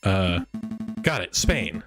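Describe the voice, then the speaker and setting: A man's voice: sits low, sing-song, slow, heavily acted. A man doing a clueless young sparrow. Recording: game music behind.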